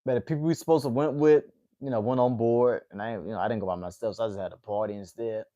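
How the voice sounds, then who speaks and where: Host: late-20s Southern man with an Atlanta accent, relaxed and chatty, talking to his viewers. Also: medium pitch, fast talker. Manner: laid-back, chatty, reacting to chat. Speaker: livestream host. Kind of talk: casual chat with viewers.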